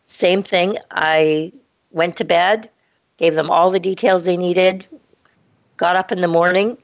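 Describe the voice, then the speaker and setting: A woman's voice: slow pace, gravelly, dry recording. A woman co-hosting a casual chat, telling a story and acting out the dialogue. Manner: animated, acts out quoted dialogue. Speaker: podcast co-host telling a story. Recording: dull dry low-fi sound.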